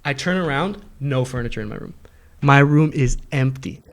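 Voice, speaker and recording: A young man telling a long dream story in casual chat with friends, animated and laughing often, acting out the voices of the people in it. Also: mid-range voice, moderate pace. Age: young adult. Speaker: host.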